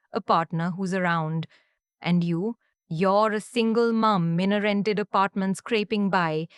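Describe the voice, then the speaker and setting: A man's voice: sits high, clean tone, dry recording, studio quality, close to an everyday voice. A woman voicing a smug, taunting ex-husband. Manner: taunting, pleased with himself. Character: smug scheming ex-husband, adult man.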